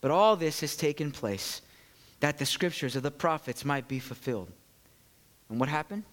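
A man preaching a sermon to his church, animated and swinging from loud bursts to hushed moments. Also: fairly high pitch, normal speed. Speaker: pastor.

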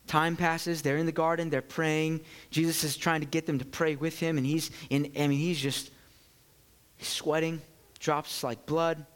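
A man preaching a sermon to his church, animated and swinging from loud bursts to hushed moments. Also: fairly high pitch, moderate pace, smooth. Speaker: pastor.

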